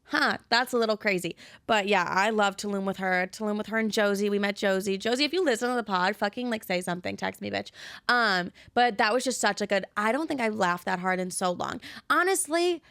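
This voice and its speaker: A young woman in her twenties chats through listener questions on her podcast, swearing freely and gushing about her friends. Her voice is smooth and clear, recorded close and dry with no room sound. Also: medium pitch, fairly quick, fairly bright tone, no echo. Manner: chatty, candid and profane, gushing about friends. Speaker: podcast host. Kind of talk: casual solo podcast, answering listener questions.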